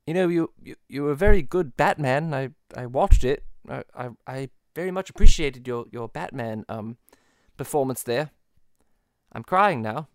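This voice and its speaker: A man's voice: fairly high pitch, dry recording, clean studio sound, pitched below the performer's own voice. A man doing a stammering cartoon baby. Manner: timid, stammering apologies. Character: pompous cartoon baby boy.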